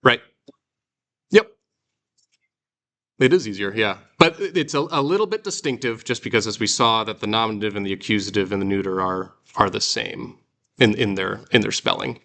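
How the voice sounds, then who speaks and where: Man, classroom teacher, bright, forceful voice, rote drilling, asks the class questions. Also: on the low side, moderate pace, vocal fry. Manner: explains patiently, drills endings aloud by rote, checks in with the class. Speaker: Greek teacher. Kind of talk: classroom lecture.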